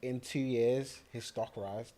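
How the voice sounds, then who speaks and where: Lively young man telling stories. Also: medium pitch, takes it slowly. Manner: animated storyteller, laughs often, acts out quotes. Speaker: podcast co-host. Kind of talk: casual chat.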